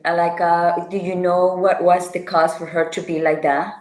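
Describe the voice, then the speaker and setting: Woman co-host, lowish voice, echoing room, halting questions. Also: level tone, darkish tone. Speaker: podcast co-host. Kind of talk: conversational interview.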